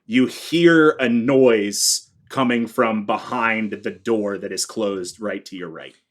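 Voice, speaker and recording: A man running a tabletop game as game master, describing scenes in a relaxed, easygoing way. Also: fairly low pitch, slow.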